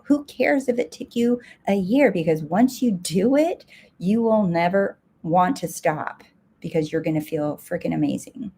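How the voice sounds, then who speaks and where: A woman's voice: lowish voice, lively intonation, measured pace, warm tone, husky. A woman success coach answering viewer comments live, direct and emphatic, repeating her key points.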